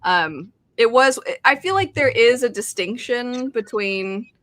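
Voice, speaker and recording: A woman's voice: on the high side, slow, fairly bright tone, no room sound. A woman hosting a reading stream in casual chat, reading out chat messages and laughing often. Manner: chatty, reads chat aloud, laughs often.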